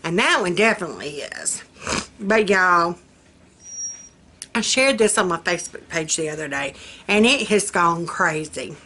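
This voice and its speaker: An older woman talks to her viewers in a slow, easy drawl. Her voice is bright and swoops up and down as she giggles through her homey stories. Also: lowish voice, lively intonation, a little hiss or hum. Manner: giggly, folksy, laughs often at her own jokes. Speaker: vlogger. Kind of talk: casual chat to camera.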